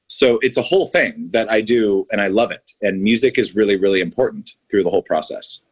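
A male filmmaker guesting on a casual podcast talks fairly quickly in a low, slightly rough voice. He's enthusiastic and rambling, frequently restarting his sentences.

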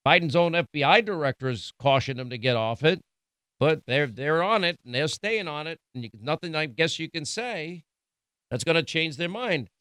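A man's voice: fairly high pitch, lively intonation, moderate pace, pushed and bright, smooth, no echo. A middle-aged man hosting a political talk show, emphatic, indignant and sarcastic. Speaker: radio talk show host. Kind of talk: political commentary.

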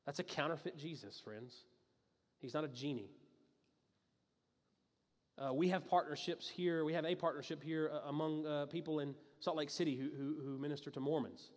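Fairly high-pitched and darkish in tone, this man preaches steadily at a moderate pace, leaving long pauses. His pastoral sermon is conversational and emphatic, full of restarts and asides, echoing with a large hall's long reverb.

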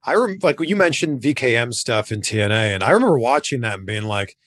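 A man's voice: mid-range voice, a little fast, no echo. A male interviewer with a dry, close sound asks his questions casually. His phrasing is loose and leans on "like" as he thinks aloud. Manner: relaxed, filler-heavy, says "like" often.

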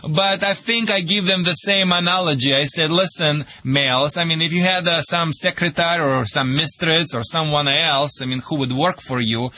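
A man's voice: a little high, sharp tone, dry recording. A man with a Russian accent giving dog training advice on a radio show, joking in broken English with many fillers.

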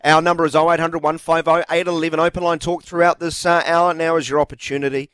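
A male talkback host ribs his callers with playful banter. His voice sits a little high, recorded close and dry in the studio. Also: little pitch movement, quick pace, fairly bright tone, clear, resonant tone, dry recording. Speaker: radio host. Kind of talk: talkback radio hosting.

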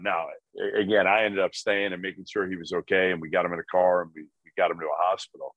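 Very low-voiced man, wry and dry. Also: a little fast, fairly bright tone, dry recording. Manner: low-key, wry, swears casually. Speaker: podcast co-host. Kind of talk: casual chat, storytelling.

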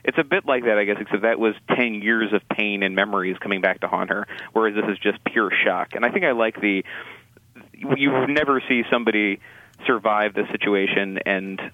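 Low-voiced man reviewing films over a tinny line. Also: no room sound. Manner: halting, many restarts and fillers, dry wry asides. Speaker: film critic co-host. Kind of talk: casual conversational review. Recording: tinny phone-like line, dry.

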